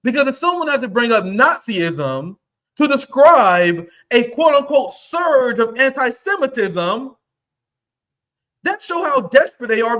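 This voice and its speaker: A man's voice: very high-pitched, pushed and bright. A man hosting a livestream, delivering angry, profane commentary in a heated rant. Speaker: livestream host.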